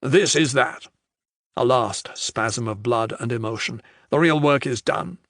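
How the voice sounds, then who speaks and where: Brief: emotionless inhuman general, gravelly and flat, unhurried, read by a man. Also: mid-range voice, dry recording, clean studio sound. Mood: cold.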